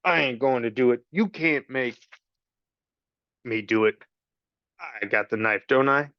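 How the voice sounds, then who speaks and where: A man reading a storybook and voicing a rough, uneducated young serving girl in a high, whiny voice. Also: unhurried, no room sound, muffled recording, lightly acted. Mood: defiant.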